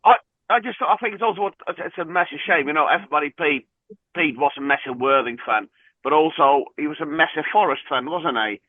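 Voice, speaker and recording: A man's voice: fairly high pitch, brisk, no echo. A man chatting on a podcast in a hesitant, conversational way. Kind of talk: casual chat. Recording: tinny phone-like remote line.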